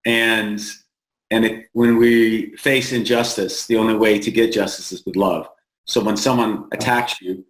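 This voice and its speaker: A man from the United States, an interview guest, telling stories plainly and earnestly with halting restarts, slowing down to stress points. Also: mid-range voice, fairly bright tone. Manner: plain-spoken, halting restarts, slows for emphasis. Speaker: founder of an aid group, interview guest. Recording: roomy echo.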